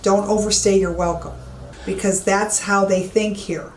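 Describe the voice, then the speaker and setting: Her voice is medium in pitch, steady in tone, and unhurried as this psychic medium tours the inside of an empty old police station. She speaks with emphasis and repeats herself. The recording is echoey with a faint hiss behind it.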